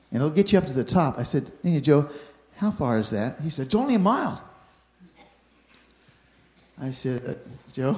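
An older man telling a personal story in an animated way, acting out the voices and shouts of the people in it. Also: a little high. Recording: roomy echo.

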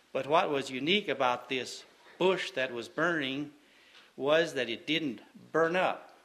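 A man preaching a sermon, slow and deliberate, repeating phrases for emphasis. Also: mid-range voice, a bit bright.

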